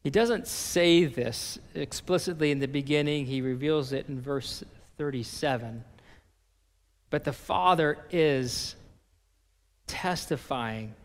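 A man preaching a sermon as a pastor, reading and paraphrasing scripture with animated emphasis. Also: fairly high pitch, takes it slowly, big-room sound.

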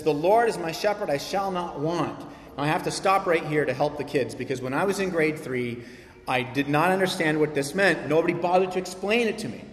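A man preaches a sermon in a reverberant church hall, his fairly high voice sounding a little distant from the mic. He reads scripture slowly and solemnly, then breaks into lively, animated asides aimed at the kids. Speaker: pastor.

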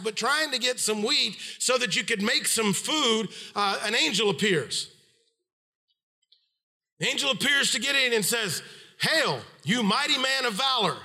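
A man's voice: unhurried, vocal fry, sharp tone. A middle-aged man preaching a sermon, retelling a scripture story and acting out the voices of its people. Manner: storytelling, acts out quoted voices with pitch swings.

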